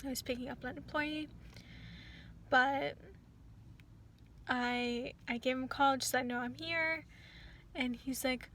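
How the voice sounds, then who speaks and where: A young woman tells a casual storytime, rambling through her words with plenty of fillers and restarts. Her voice sits high and sounds bright and clear, lifting when she quotes someone. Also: unhurried, long pauses, a little hiss or hum. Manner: rambling, many "like"s and restarts, quotes others in lively bursts. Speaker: rideshare driver telling a story.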